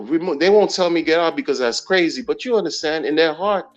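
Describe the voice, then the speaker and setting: A man hosting a casual crypto livestream, talking in an animated, slangy way with lots of repeated phrases. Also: a little high, a little fast, few pauses. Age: adult. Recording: dull lo-fi audio with faint music.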